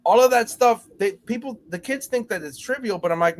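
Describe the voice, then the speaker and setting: A man talking as a podcast guest about teaching kids to speak, lively and acting out voices of students and teachers. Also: extremely high pitch, fairly quick, a little hiss or hum. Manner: animated, acts out students and teachers in exaggerated voices. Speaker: podcast guest, school storytelling educator. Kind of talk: casual podcast conversation.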